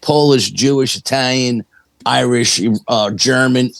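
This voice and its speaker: A man's voice: medium pitch, measured pace, vocal fry, no echo, poor audio. A middle-aged man, a paranormal investigator, telling a story in a chatty, anecdotal way and acting out the dialogue he quotes. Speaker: paranormal investigator, podcast guest. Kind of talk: casual storytelling.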